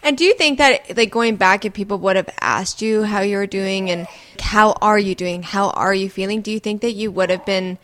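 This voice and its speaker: A young woman co-hosting a podcast, speaking gently and reflectively and asking probing questions. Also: mid-range voice, moderate pace. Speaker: podcast co-host. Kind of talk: casual chat.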